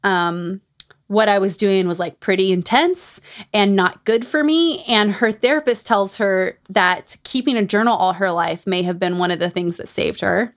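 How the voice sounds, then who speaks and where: A woman hosting a casual podcast, recapping a memoir and acting out quotes with big jumps in pitch. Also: normal speed. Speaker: podcast host. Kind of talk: casual book recap chat.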